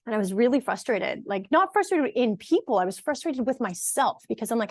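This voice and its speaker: A woman's voice: a little high, animated, quick pace, darkish tone, no room sound, studio quality. A woman in her forties, a fitness and nutrition coach, talking straight to her audience in an earnest, emphatic way and often restarting her sentences. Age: 40s. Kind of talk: casual direct-to-camera monologue.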